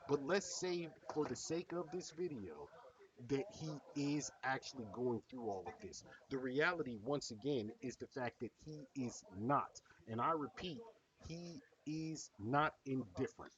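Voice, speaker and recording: A man's voice: mid-range voice, expressive, a little slow, fairly bright tone, recorded from a distance, dull audio. Blunt, heated male reaction host. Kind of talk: casual reaction commentary.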